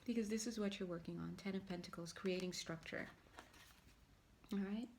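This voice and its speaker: A woman's voice: mid-range voice, fairly even intonation, normal speed, noisy background. Woman tarot reader, casual and rambling, playful asides, middle-range voice. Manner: rambling and chatty, with playful asides and acted-out quotes. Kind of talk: casual spiritual tarot reading.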